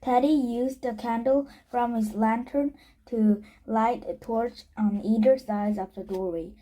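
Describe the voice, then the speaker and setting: A woman reading a children's chapter book aloud, halting with frequent restarts and slips. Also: a little high, fairly even intonation, dark tone, rough recording. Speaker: storybook reader.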